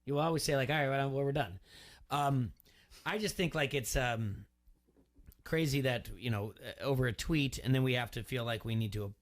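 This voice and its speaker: A man's voice: mid-range voice, normal speed. A man co-hosting a sports talk radio show from the studio, talking in a rambling way with many restarts. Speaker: radio co-host.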